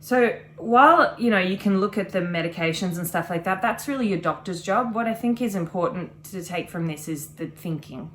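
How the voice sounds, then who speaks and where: Earnest low-voiced woman vlogger. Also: lively intonation, fairly quick, few pauses, a bit bright, a little hiss or hum. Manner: earnest, reflective, talks in long run-on sentences. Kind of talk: casual chat.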